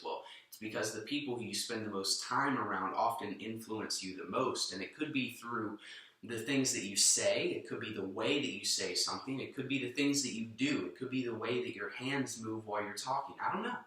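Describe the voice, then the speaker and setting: A man's voice: lowish voice, moderate pace, pushed and bright, heavy reverb, recorded from a distance, rough recording. A young man giving a short, informal sermon, earnest and often restarting his sentences. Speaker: youth minister.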